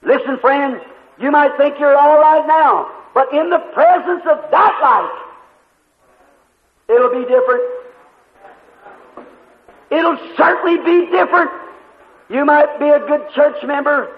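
A man's voice: extremely high pitch, measured pace, pauses often. A male preacher delivering a sermon, telling a story fervently and drawing out emphatic phrases. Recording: tinny lo-fi recording with hall echo.

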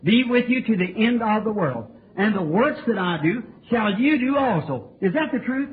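A man's voice: high voice, expressive, normal speed. Fervent preacher man on old tape. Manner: fervent, sing-song preaching with call-and-response. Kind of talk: revival sermon. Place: church tabernacle. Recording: tinny lo-fi old tape with hiss.

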